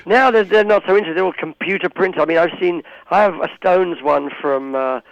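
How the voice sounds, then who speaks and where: A man's voice: high voice, a little fast, creaky, dry recording. A man, a musician guest, chatting and rambling in a casual phone interview, laughing easily. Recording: dull phone line.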